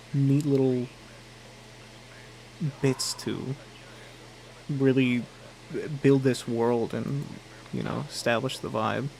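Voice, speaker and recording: A tired man talks through a game at a slow, rambling pace. His voice is gravelly with a mid-range pitch. A faint air conditioner hums in the room. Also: a little mellow, slight background noise, rough recording. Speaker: gamer. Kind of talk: casual let's play commentary.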